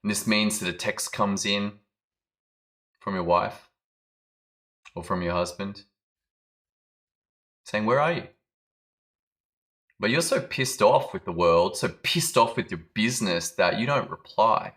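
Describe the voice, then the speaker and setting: Low, bright-voiced male business coach. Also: unhurried, long pauses. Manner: dramatic storytelling, acts out quoted lines. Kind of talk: motivational talk to camera.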